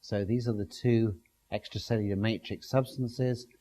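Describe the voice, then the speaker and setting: A man's voice: lowish voice, steady tone, normal speed, warm tone, slight background noise, low-quality recording. A man giving a classroom lecture with slides, explaining step by step with everyday comparisons.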